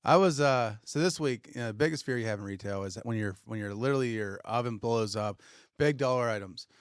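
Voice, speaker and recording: A retailer and podcast co-host talks fast in a smooth, mid-range voice, telling a story in casual conversation and animatedly acting out quotes from people he dealt with. Clean studio sound, no echo.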